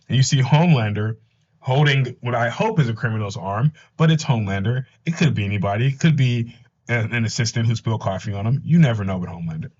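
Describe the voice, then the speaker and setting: A man's voice: medium pitch, animated, quick pace, a little mellow. A man narrating a comic recap in a casual, enthusiastic and chatty way, with asides. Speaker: comic book recap host. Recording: slightly dull lo-fi audio.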